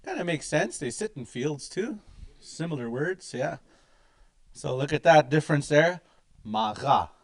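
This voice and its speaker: A man's voice: fairly high pitch, sing-song, moderate pace. A man teaching words in a language class, patiently repeating each word many times. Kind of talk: slow, repetitive pronunciation lesson.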